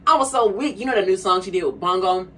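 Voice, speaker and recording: A woman's voice: medium pitch, quick pace. A young woman vlogger chatting casually while eating, sassy and talkative, often calling the viewer honey. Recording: a bit distant from the mic, faint room hum.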